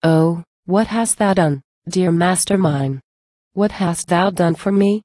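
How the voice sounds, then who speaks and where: A woman's voice: lowish voice, slow pace, warm tone, dry recording, studio quality. A woman reading as a tearful, loyal companion. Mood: anxious. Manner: tearful and anxious.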